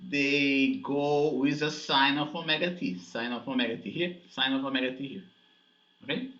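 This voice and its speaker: A man's voice: mid-range voice, pushed and bright. A man teaching a physics lesson, explaining step by step and often checking in with "okay?" and "right?". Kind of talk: classroom lecture. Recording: echoey dull lecture recording.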